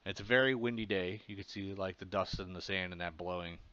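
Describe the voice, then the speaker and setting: A man from Pennsylvania tells a story in a loose, rambling way, stopping often for fillers. His voice sits very low. The audio sounds a little dull and muffled. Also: brisk, pushed and bright, no echo. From Pennsylvania, USA. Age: adult. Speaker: comic artist vlogger. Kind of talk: casual storytelling.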